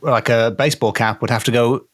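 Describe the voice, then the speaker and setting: A man's voice: mid-range voice, steady tone, a little fast, a bit bright. A man co-hosting a podcast, chatting casually and wandering into whimsical tangents. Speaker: podcast co-host. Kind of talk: casual comedic chat.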